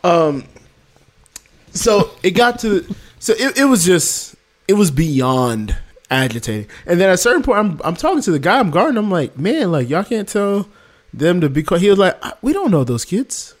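A man's voice: high voice, big pitch swings, normal speed. A man telling a story in casual chat, acting out the dialogue with exasperated outbursts.

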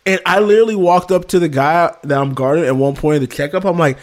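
A man's voice: fairly high pitch, fast talker. A man telling a story in casual chat, acting out the dialogue with exasperated outbursts.

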